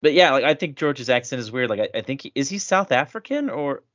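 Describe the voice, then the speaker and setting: A man's voice: medium pitch, animated, fast, fairly bright tone, no room sound. A man chatting on a podcast in a joking, self-deprecating way. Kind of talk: casual chat. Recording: dull, lo-fi, dry.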